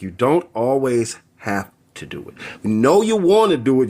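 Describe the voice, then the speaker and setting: A man speaking calmly and in measured phrases in an online audio room. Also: fairly high pitch.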